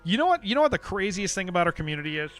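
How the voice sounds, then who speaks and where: A man's voice: high voice, sing-song, very fast, fairly bright tone, faint music behind. A man streaming a game, chatting casually and emphatically with his viewers and answering their messages as he goes. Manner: rambling, emphatic, reacts to chat messages.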